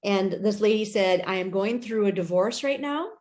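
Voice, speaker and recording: Brief: woman host, mid pitch, conversational, rambling storyteller who restarts her lines often. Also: moderate pace, darkish tone. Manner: chatty, rambling, many fillers and restarts. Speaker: host, author. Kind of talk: casual chat.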